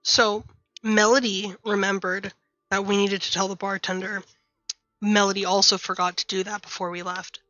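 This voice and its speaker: A woman's voice: mid-range voice, level tone, moderate pace, sharp tone, dry recording, highs cut off. A woman player speaking for her character in a tabletop role-playing game, in a courteous, in-character way.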